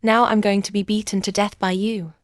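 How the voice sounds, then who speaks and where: A woman dubbing dialogue for a young heroine in a short romance drama, speaking in a slow, measured way with plain, even phrasing. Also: mid-range voice, no room sound, clean studio sound, natural voice.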